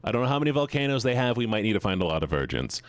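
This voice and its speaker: A man's voice: lowish voice, sing-song, rapid-fire, dry recording, clean studio sound. A man streaming and chatting casually with his viewers, rambling and joking as he gets sidetracked.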